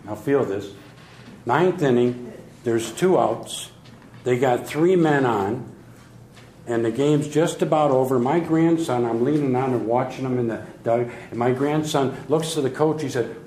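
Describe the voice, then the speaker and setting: Older male humorist, animated storyteller who acts out voices; echoey hall, slight noise. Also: medium pitch, moderate pace. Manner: animated joke telling, acting out voices. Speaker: sales trainer and speaker. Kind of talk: humorous storytelling talk to an audience. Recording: echoey room with faint noise.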